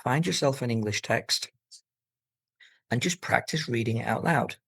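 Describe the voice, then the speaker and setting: A man teaching an English speaking exam lesson, explaining tips clearly and modelling intonation aloud. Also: mid-range voice, normal speed, fairly bright tone, no room sound, low-quality recording.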